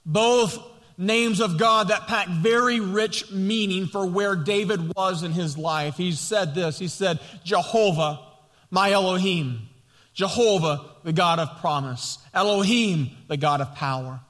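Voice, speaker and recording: A man preaching a sermon as a pastor, passionate and building to loud, emphatic peaks. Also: fairly high pitch, moderate pace, big-room sound. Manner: impassioned preaching, rising loud at key points.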